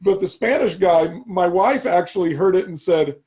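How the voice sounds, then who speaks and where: A middle-aged man as an interview guest, chatting casually and telling rambling, lively stories with many restarts. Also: high-pitched, moderate pace. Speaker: guest, animation creator.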